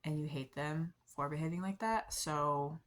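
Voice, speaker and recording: A young woman chatting casually to her camera, rambling with many fillers and soft laughs at herself. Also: low voice, measured pace, a little hiss or hum. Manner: rambling, many likes and ums, soft self-deprecating laughs. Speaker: vlogger. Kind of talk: casual confessional chat to camera.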